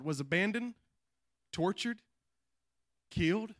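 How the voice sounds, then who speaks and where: A man preaches a heartfelt sermon, his voice pitched high for a man and bright with energy. He tells stories with animated swings, sinking to soft, intimate stretches and then rising into forceful, near-shouted lines. He keeps tossing in little asides like "watch this" to pull the congregation in. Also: normal speed, dry recording. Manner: repeats catchphrases like "watch this" and "you know what I mean". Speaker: pastor. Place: church.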